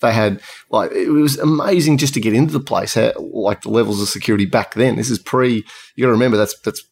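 A man's voice: medium pitch, quick pace, gravelly. A man, co-hosting a podcast and telling a story in a rambling way, with restarts and fillers. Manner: rambling, many restarts and fillers, chuckles through stories. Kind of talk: casual storytelling chat.

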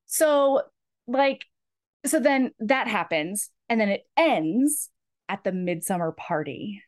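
A woman podcast host retelling a book plot in casual, animated chat, full of 'like'. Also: mid-range voice, slow pace. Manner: animated, chatty, many fillers of 'like'.

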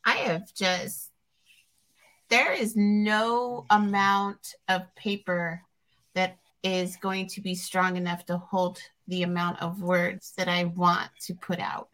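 A woman's voice: on the low side, level tone, takes it slowly, a bit bright. A woman hosting a podcast interview, rambling and reflective as she tells her stories. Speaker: podcast host. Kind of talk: casual interview chat.

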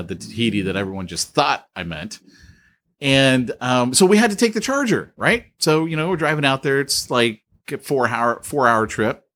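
A man's voice: mid-range voice, fairly bright tone. A man co-hosting a podcast, chatting casually and telling stories with frequent laughs over a remote call. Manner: chatty, laughs often, storytelling. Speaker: podcast co-host.

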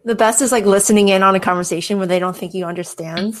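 A woman with a mid-range voice joins the banter on a video-call panel. She chimes in with short, quick remarks. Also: mid-range voice, fairly even intonation.

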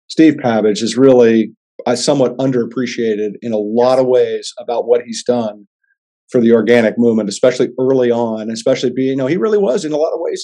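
A man's voice: mid-range voice, warm tone. A middle-aged man hosting an interview, talking bluntly and casually and swearing now and then. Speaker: podcast host.

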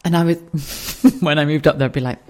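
A woman's voice: deep voice, fairly quick. A woman in her thirties from the UK, hosting a casual solo podcast from her kitchen, chatty and candid with frequent swearing and asides. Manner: chatty, swears freely, animated asides and laughs. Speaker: podcast host. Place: home kitchen.

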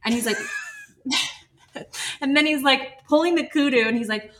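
A young woman with a bright, forceful voice tells lively field stories in a relaxed podcast chat. She laughs often and slips into quoting others, and her pitch sits a little high. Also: normal speed, pauses often. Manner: animated, laughing, quotes people often. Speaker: guest, wildlife filmmaker. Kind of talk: casual podcast storytelling.

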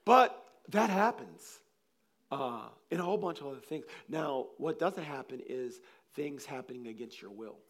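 A man preaching a sermon, telling personal stories in a rambling, animated way, with frequent restarts. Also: medium pitch, moderate pace. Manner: animated, acts out scenes with loud laughter and shouts; rambling, restarts sentences often.

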